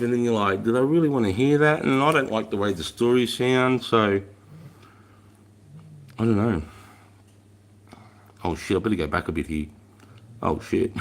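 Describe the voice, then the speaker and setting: Blunt, very deep-voiced Australian man. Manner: profane, blunt, acts out shouted orders. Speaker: livestream host, ex-army instructor. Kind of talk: casual livestream storytelling.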